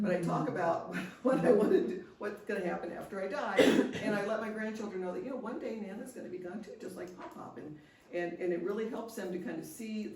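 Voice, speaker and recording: A woman's voice: lowish voice, darkish tone. An older woman speaking at a seminar, sharing personal stories in an earnest way with frequent restarts. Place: seminar room. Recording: echoey room, distant mic.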